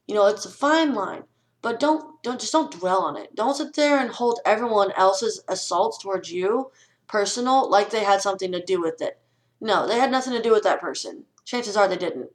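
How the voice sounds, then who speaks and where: Young woman, home vlogger, earnest and blunt, mid-pitched, casual rant. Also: animated, moderate pace, low-quality recording. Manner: earnest, ranting, frank with swearing. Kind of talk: casual vlog advice talk.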